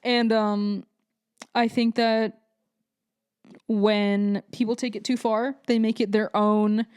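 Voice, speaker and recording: A young woman hosting a podcast, telling a story in a blunt, profane, rambling way with lots of fillers, swinging between quick rants and slow drawn-out asides. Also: on the high side, little pitch movement, a little mellow, clear, resonant tone. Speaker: podcast host. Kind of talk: casual monologue.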